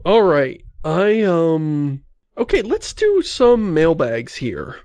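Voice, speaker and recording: Chatty man with a slightly high voice. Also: very animated, slow, darkish tone, no echo. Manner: chatty, reads listener mail aloud. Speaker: podcast host. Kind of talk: casual chat.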